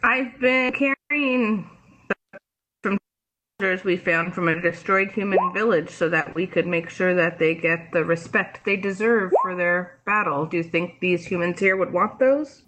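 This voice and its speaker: Earnest tabletop player, bright tone, average pitch. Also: measured pace, low-quality recording. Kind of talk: tabletop game play.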